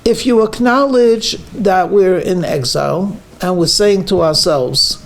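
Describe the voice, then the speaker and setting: A man's voice: high-pitched, very animated, a little slow, vocal fry, hardly any pauses. A man, a rabbi, giving a weekly lecture, telling stories and stressing words to show how emphasis changes meaning. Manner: storytelling, stresses words for emphasis, frequent fillers. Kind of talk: sermon with jokes and teaching.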